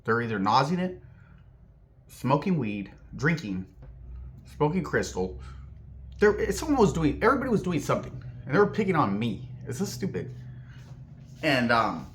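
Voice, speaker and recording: A man's voice: mid-range voice, moderate pace, pauses often, a little hiss or hum. A man from Southern California telling a personal story in a rambling vlog, heavy on fillers and acting out the voices of the people in it. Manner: filler-heavy, animated, acts out quoted voices. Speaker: vlogger.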